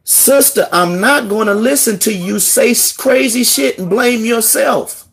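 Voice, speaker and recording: A man's voice: extremely high pitch, measured pace, creaky, fairly bright tone, breathy edge. A man hosting a live call-in stream, lecturing a caller heatedly and with profanity while talking over her. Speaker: livestream host.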